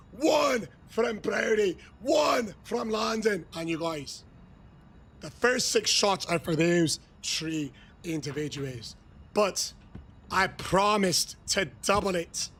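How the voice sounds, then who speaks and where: A man livestreaming, chatting with viewers and loudly shouting cheers and countdowns. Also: sits high. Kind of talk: hyped livestream chat with viewers.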